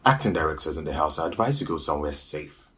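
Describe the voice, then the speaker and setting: A man performing a comic storytelling monologue and pausing for dramatic effect. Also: a bass voice, expressive, fairly bright tone. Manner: deliberate storytelling with dramatic pauses. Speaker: actor.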